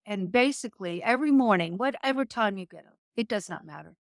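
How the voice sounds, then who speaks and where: A woman guest on a faith and business podcast who speaks in an earnest, measured, motivational way and slows down to stress key words. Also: mid-range voice, lively intonation, no echo, clean studio sound. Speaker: guest entrepreneur. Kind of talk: faith-based business interview.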